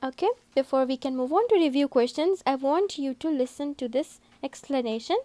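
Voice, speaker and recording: A woman teacher giving a recorded English lesson to young pupils, speaking slowly and repeating herself to explain each step. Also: high voice, dark tone, no echo. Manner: slow, repetitive, explaining step by step.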